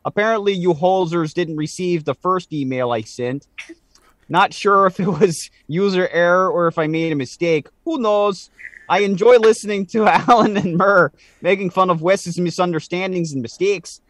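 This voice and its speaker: A man doing a hammy French Canadian put-on voice, pitched up above his own, dry close sound, exaggerated and silly. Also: normal speed, dry recording, lightly acted. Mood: mock-earnest. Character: male listener reading his email, in a mock French Canadian accent.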